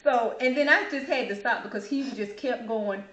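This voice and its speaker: Brief: a lively woman host, high voice, chatty storytelling, roomy echo. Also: moderate pace, dull audio. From Southern US. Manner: animated, laughing storyteller. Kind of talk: casual chat, storytelling. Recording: echoey room.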